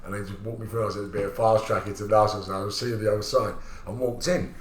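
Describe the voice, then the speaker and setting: A man telling a lively anecdote in a casual podcast chat, often acting out the voices of others. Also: lowish voice, fast talker, roomy sound. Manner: animated, acts out voices in anecdotes. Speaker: podcast host.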